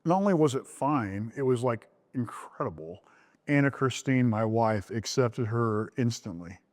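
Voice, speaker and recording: A middle-aged man, the groom, tells the story of how he met his wife. He talks candidly and jumps up in pitch when he acts out old conversations. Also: animated, a little slow, darkish tone. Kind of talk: recorded interview about his relationship.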